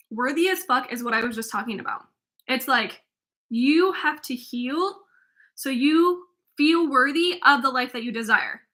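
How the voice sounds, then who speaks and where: A woman's voice: high-pitched, sharp tone. A woman in her twenties, a life coach and podcast host, talking through a rambling, filler-heavy solo monologue full of restarts. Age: 20s.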